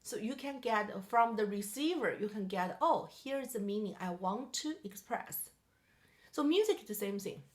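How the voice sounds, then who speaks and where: Teaching a piano masterclass, a woman speaks in a mid-range voice with lively intonation at a moderate pace. She sings melodies on syllables and quizzes her student in simple English while a piano plays behind her.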